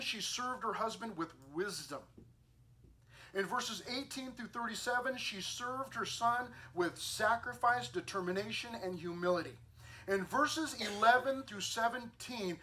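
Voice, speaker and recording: Animated male pastor preaching. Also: extremely high pitch. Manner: animated storytelling with acted-out lines and sound effects; reads scripture and poetry aloud. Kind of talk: sermon.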